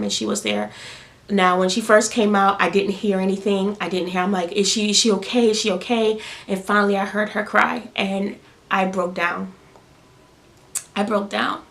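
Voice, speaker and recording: A woman's voice: medium pitch, creaky, fairly bright tone. A young woman and new mother telling a personal story to camera in a casual, emotional way, close to tears, repeating herself often. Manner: emotional, repeats words, many fillers.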